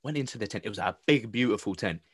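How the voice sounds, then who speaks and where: A young British man with a fairly low voice, chatting on a podcast. He tells stories for laughs and slips into put-on voices for quotes. The recording is dry and close. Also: lively intonation, fast, husky, dry recording. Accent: British English. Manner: jokey storytelling, puts on voices for quotes. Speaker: podcast co-host. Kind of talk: casual chat.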